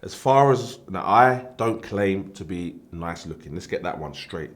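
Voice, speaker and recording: Male co-host, mid pitch with big swings, joking banter. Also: animated, a little slow. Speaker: podcast co-host. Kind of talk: casual chat.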